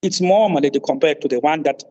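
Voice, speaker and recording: A man, counsel at a tribunal, making a formal legal argument, deferential and halting, saying "my lady" at almost every turn. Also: on the high side, mellow. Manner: deferential, says "my lady" constantly, halting restarts. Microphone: video call. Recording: muffled video-call audio.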